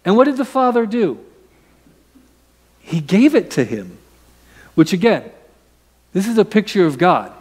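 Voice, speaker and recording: A pastor preaching a conversational sermon, slipping into quoted voices now and then. His voice sits a little higher than most men's. Long reverb from the church hall trails behind each phrase. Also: sing-song, unhurried, long pauses, darkish tone, slightly rough. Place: church sanctuary.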